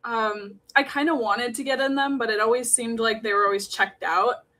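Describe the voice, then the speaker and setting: A woman with a Wisconsin accent, a comic artist guest talking in a soft, hesitant way. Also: fairly high pitch, steady tone, normal speed. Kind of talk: casual interview chat.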